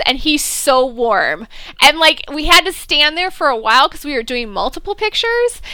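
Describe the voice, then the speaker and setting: Bright, lively high-voiced woman. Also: dry recording. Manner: animated storytelling, acts out quotes, laughs often. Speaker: podcast co-host. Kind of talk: casual fan chat.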